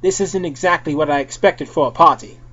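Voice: medium pitch, fairly quick, a bit bright, highs cut off, lightly acted. A podcast reader voicing a scatterbrained, foul-mouthed story author who sounds flustered and offhand. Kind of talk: comic fan-fiction reading.

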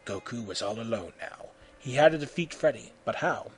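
A man reading a fan fiction story aloud in an animated way, acting out the shouted voices. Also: mid-range voice, normal speed, slightly rough.

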